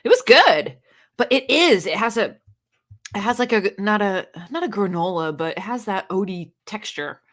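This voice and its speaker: A woman's voice: medium pitch, expressive, normal speed, fairly bright tone. Giggly, chatty woman hosting a live stream. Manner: giggly, chatty, often laughs and restarts. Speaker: booktube live-stream host. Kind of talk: casual live-stream chat, reading comments aloud.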